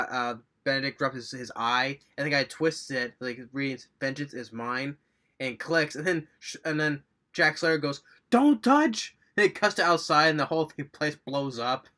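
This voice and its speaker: A man's voice: mid-range voice, pushed and bright. A man giving a casual, rambling movie review, recapping scenes with enthusiasm and little chuckles.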